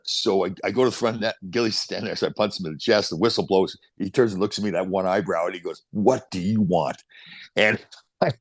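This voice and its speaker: A man in his sixties, a podcast guest telling animated stories with quick restarts. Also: sits low, no echo. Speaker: podcast guest, former pro hockey player. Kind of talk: casual storytelling interview.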